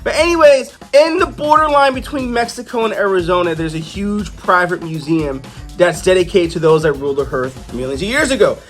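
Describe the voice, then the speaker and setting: Male comic reviewer, high pitch, animated and digressive, light music bed underneath. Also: brisk. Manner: animated, chatty, digresses, acts out the characters. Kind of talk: casual review talk.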